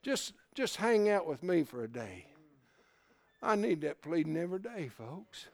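Older male preacher, folksy sermon, lively swoops from whisper to shout. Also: a little high, measured pace, creaky. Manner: folksy, swings from hushed asides to loud shouts.

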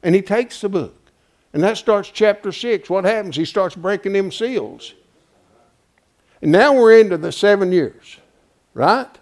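A man with a high voice preaches a homespun Bible teaching sermon. He keeps quizzing the congregation and drawing answers from them. He drops to hushed asides, then rises to loud, emphatic peaks. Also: animated, a little slow, pauses often. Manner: asks the congregation questions and draws answers; homespun and colloquial, with frequent "folks" and "ain't".

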